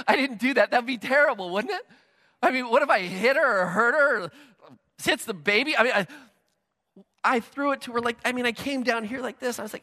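High bright-voiced preacher in a hall. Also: male voice, moderate pace, pauses often. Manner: animated storytelling, acts out dialogue. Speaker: pastor. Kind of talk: sermon. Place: large church hall. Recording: long hall reverb.

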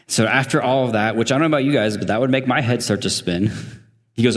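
Conversational guest preacher in echoing church. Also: male voice, on the low side, fairly quick. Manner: conversational, laughing asides, asks the congregation. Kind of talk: sermon. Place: church sanctuary.

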